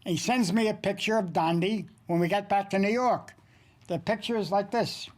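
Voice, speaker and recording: A man's voice: high voice, normal speed, darkish tone. Older man telling wry career stories. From United States. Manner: wry, anecdotal storytelling with dry jokes. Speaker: cartoonist recalling his career. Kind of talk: documentary interview narration.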